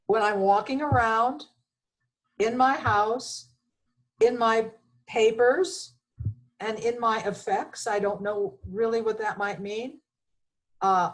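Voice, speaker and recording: A woman's voice: fairly high pitch, low-quality recording. Plainspoken woman presenter. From Texas, USA. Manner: plainspoken, emphatic, with frequent fillers. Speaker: presenter on the Bill of Rights. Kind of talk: informal reading and commentary.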